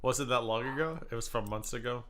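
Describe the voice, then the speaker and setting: Mocking, bright-voiced male streamer. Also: medium pitch, fast. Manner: gossipy, mocking, laughs a lot. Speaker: livestream host reacting to clips. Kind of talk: casual commentary stream.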